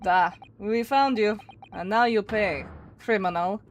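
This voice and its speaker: A woman's voice: medium pitch, a little slow, a little hiss or hum, lightly acted. A woman voicing a stern, threatening male Russian ship officer in a put-on Russian accent while reading game dialogue.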